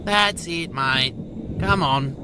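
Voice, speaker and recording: A man gives loud, excitable, profane running commentary, calling everyone mate. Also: fairly high pitch, takes it slowly, background noise. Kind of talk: swearing running commentary in a played clip.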